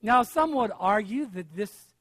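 A middle-aged male preacher with a high voice delivers a sermon. He drops to hushed asides, then stretches key words out loud for emphasis. The sound is close and dry. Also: animated, unhurried, no room sound.

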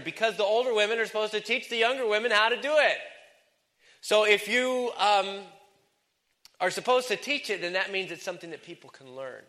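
A male preacher with a bright, forceful tone delivers a lively sermon. He jokes with the congregation and swings his pitch and loudness widely for emphasis. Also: big-room sound. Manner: animated and joking, with wide swings in pitch and loudness.

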